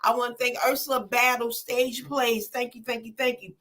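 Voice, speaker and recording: An older woman, a comedian guest making lively, emotional thank-yous in casual talk-show chat. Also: on the high side, normal speed. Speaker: comedian and community organizer, guest.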